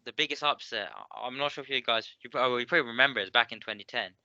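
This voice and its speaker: A man talks football at a rapid clip, chatty and laughing easily. His voice is sharp and forceful. The dry, lo-fi mic takes the shine off the sound. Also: medium pitch, clear, resonant tone, no room sound. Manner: quick, chatty, laughs often. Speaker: podcast co-host. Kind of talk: casual football chat. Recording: dull, lo-fi podcast mic.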